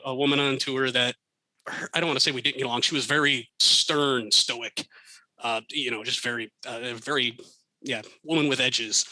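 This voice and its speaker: An American man in middle age, a podcast guest telling funny stories in a casual, animated way with bursts of laughter. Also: medium pitch, no echo, poor audio. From United States. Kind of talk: casual storytelling.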